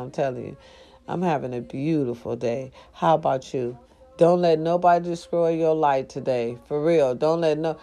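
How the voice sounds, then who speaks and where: An older grandmother in a casual vlog, giving animated, profane advice to her viewers and calling them y'all. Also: deep voice. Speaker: vlogger. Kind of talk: casual straight-to-camera talk.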